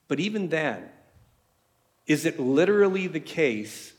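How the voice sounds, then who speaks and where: A man's voice: on the high side, fairly bright tone. A man preaching a sermon in a conversational way, asking his listeners many rhetorical questions.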